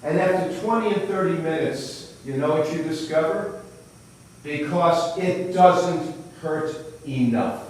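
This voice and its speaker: A man hosting a round table talk, telling a story slowly and dramatically with pauses. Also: a little high, darkish tone. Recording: echoey room, distant mic, faint noise.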